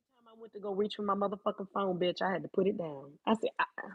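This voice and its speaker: A woman ranting on a live stream, profane, animated and emphatic. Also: medium pitch, racing, husky, dry recording, phone-quality sound. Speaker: vlogger.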